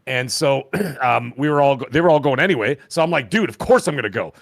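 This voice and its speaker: A man in his fifties, hoarse from a lost voice, telling a rambling, animated story as a podcast co-host. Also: medium pitch, quick pace, no room sound, clean studio sound. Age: 50s. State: hoarse, recovering voice. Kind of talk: casual chat.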